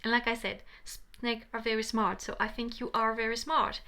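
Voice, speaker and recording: A woman's voice: on the high side, flat delivery, moderate pace, sharp tone, clean tone. Passionate woman tarot reader, pleading. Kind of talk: tarot reading to camera.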